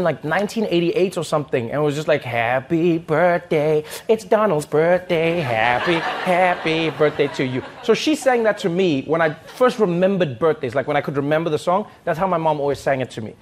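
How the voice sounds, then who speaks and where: A young man from Africa, telling comedic stories in a monologue, acting out voices and laughing often. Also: sits high. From South Africa. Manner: animated, acts out voices and sings bits, laughs often.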